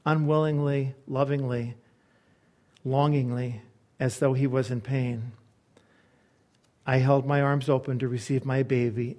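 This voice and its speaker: Earnest male pastor telling a story. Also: mid-range voice. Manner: slow, earnest storytelling that softens to quiet reflection. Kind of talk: sermon with a read-aloud story.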